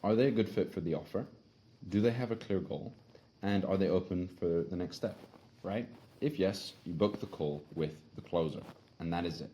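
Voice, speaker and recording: A man's voice: sits low, moderate pace, warm tone, a little hiss or hum. A young man teaching appointment setting in a casual, conversational way, often checking in with "right?". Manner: conversational, frequent tag questions. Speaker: sales trainer. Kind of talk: casual instructional talk.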